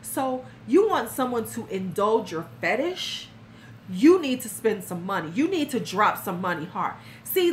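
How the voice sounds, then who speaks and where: A woman in her fifties hosts a live stream and tells a story with frank, blunt energy. Her voice is a touch high and swings widely in pitch, and there is faint noise behind her. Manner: frank, blunt and animated, addressing viewers by name.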